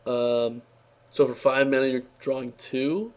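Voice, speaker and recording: A young man with a mid-pitched, worn-out voice that sounds strained from talking. He drifts through an offhand, sarcastic review and keeps stumbling on fillers and restarts. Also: fairly even intonation, unhurried. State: tired, strained voice. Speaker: card game reviewer. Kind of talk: casual spoken review.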